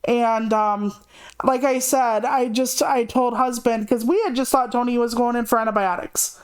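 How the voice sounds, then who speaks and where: A woman's voice: a little high, fairly even intonation, moderate pace, smooth. A woman streamer in casual livestream chat, rambling and frank, swearing freely as she talks.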